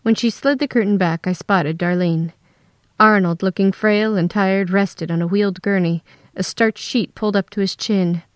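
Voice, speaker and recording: A woman telling a first-person story in a steady, scripted narration. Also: mid-range voice, moderate pace, no echo, clean studio sound.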